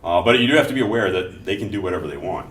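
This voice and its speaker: A man's voice: sits low, animated, rapid-fire, fairly bright tone. Middle-aged male teacher, conversational lecture with anecdotes, heard from the back of a roomy classroom. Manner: conversational, telling anecdotes between explanations. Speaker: instructor. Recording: echoey classroom from far off, faint noise.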